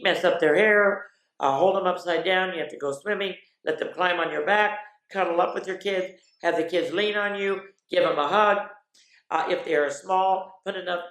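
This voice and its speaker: A woman hosting a children's story time, talking to kids in a lively, expressive way. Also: on the low side. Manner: animated, expressive, addressing kids directly. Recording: roomy echo.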